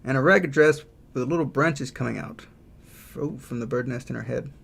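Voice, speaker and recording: A game developer livestreams while drawing, chatting casually in a gravelly, mid-range voice at a moderate pace. He's relaxed, thinks aloud, and reads out and answers chat messages.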